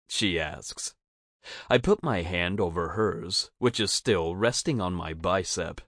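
Man, audiobook narrator, first person, very deep voice, unhurried, steady, dry close sound. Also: no room sound.

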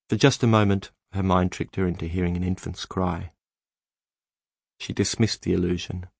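Deep guy reading an audiobook, measured and even, dry close studio sound. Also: vocal fry, slightly rough, dry recording. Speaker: audiobook narrator. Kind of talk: scripted narration.

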